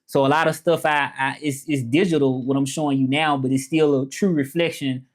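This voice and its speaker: A man's voice: medium pitch, steady tone, fairly quick. A man in his thirties from Memphis with a Memphis Southern accent, chatting casually with viewers on a livestream in a laid-back, rambling way. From Memphis, Tennessee. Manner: laid-back, rambling, frequent fillers and "you know what I'm saying". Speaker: livestream host.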